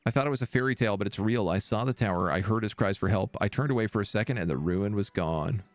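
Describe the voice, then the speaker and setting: A man's voice: on the low side, fast, dry recording, soft background music, lightly acted. A man voicing a drunk tavern patron who insists on a ghostly tale, in a slurred, indignant manner. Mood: insistent.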